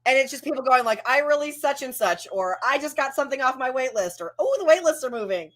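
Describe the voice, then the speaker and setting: A woman's voice: high-pitched, animated, fast talker. Lady cohost just rambling on a live stream, lotta "like"s. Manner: rambling, lots of "like" and restarts. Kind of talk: casual live-stream chat.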